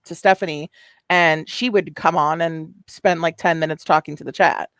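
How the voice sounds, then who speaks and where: A woman's voice: low-pitched, fairly even intonation, moderate pace, fairly bright tone, no echo. A woman hosting a live stream, chatting casually in a rambling, profane way with lots of fillers. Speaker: stream host. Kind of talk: casual commentary chat.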